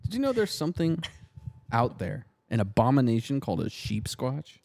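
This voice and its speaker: A man's voice: mid-range voice, big pitch swings, moderate pace, vocal fry, a little mellow. A man co-hosting a comedy podcast, telling a story with lots of profanity in a casual chat. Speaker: podcast co-host.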